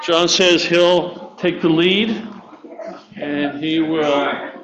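A man's voice: fairly high pitch, steady tone, drawn-out words, a crowd in the background. A man teaching a church group a memory verse, encouraging and coaxing them to recite it together. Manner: encouraging, repeats and coaxes listeners to join in. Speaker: church teacher leading children. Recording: dull lo-fi recording.

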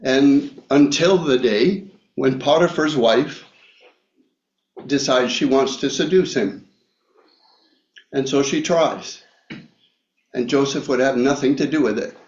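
A man preaching a Bible study sermon, talking slowly with many fillers and restarts. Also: medium pitch, darkish tone. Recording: echoey room, dull lo-fi sound.

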